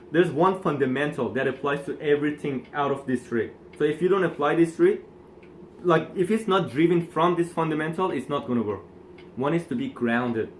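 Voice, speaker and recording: A man co-hosting a coaching talk, calmly summarizing and explaining points in casual instructional speech. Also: fairly high pitch, slight background noise. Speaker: co-host coach. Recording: echoey room.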